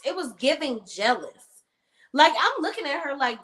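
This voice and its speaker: A woman with a slightly high voice that swings widely in pitch, recapping a TV episode for a streamed talk show. She talks casually and swears freely, throwing herself into acting out the characters' lines as she goes. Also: moderate pace, low-quality recording. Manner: animated storytelling, acts out characters' lines. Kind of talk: casual chat with profanity. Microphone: remote stream setup.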